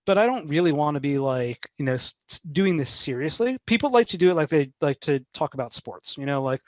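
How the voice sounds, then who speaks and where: A man speaking as a guest in a casual interview, animated and full of fillers, often acting out what other people say. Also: a little high, quick pace, few pauses, dry recording. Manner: animated, many fillers, acts out quoted voices. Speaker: behavioral finance guest.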